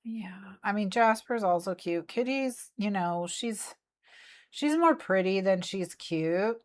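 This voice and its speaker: A woman's voice: medium pitch, lively intonation, takes it slowly. A woman streaming from her craft desk, chatting playfully and talking to her cat as she works. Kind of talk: casual chat while crafting. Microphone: desk mic, faceless desk view.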